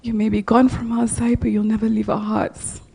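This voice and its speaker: A grieving woman giving a tender, soft-spoken eulogy, at times sinking almost to a whisper. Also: fairly high pitch, flat delivery, normal speed, creaky, husky. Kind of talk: funeral eulogy.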